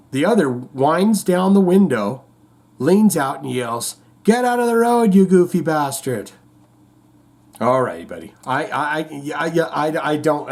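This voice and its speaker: A man hosting a show in casual chat, rambling, reading out viewer comments and telling corny jokes. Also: on the high side. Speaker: host.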